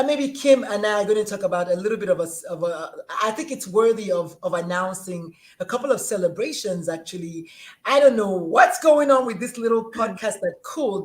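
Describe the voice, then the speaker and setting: Bubbly middle-aged woman, live podcast host, talks fast in loops and restarts. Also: mid-range voice, a little mellow. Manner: bubbly and effusive, rambling with restarts. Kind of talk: casual live-stream chat.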